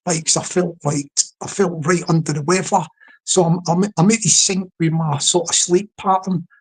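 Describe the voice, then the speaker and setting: This London man's voice is fairly high, steady and husky as he runs a late-night stream alone. His funny hypothetical tale wanders and stalls, packed with restarts and hellos to the chat.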